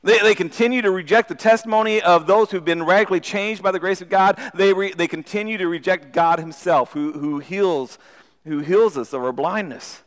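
A man preaching a sermon in an animated way, often repeating words as he starts a sentence. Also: sits high, normal speed. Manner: animated, acts out voices of people in the story. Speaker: pastor. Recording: long hall reverb.

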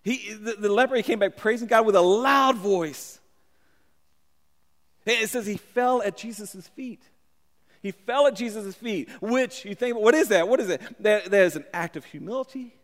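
A man with a high, bright voice preaches in a church, chatty and repeating himself, now and then breaking into a shout. His words ring through a hall with a long reverb, caught on a microphone. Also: moderate pace. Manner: conversational, repeats words, bursts into shouts for emphasis. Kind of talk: sermon. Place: church sanctuary. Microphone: handheld or stand mic.

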